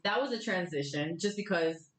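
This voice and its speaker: Podcast guest: young woman from Florida, lowish voice, chatty and blunt, recorded in an echoey room. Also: normal speed. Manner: animated, candid storytelling with casual swearing. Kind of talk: casual chat.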